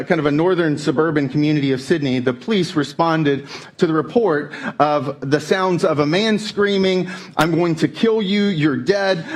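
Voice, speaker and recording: High-voiced animated preacher. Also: male voice. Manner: animated storytelling, playful. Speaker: pastor. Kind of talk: sermon. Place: church service.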